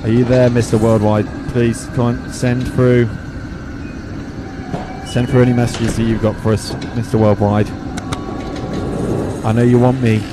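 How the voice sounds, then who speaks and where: A man putting on a mock seance medium, calling out in a slow, low, booming incantation. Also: flat delivery, background noise, natural voice. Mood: solemn summoning. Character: mock seance medium summoning a spirit, male adult.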